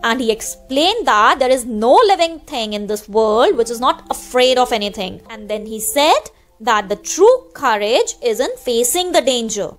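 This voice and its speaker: A woman's voice: fairly high pitch, expressive, normal speed, soft background music. A woman teacher patiently explaining a story, its words and meanings to her students. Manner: patient explaining, addressing kids.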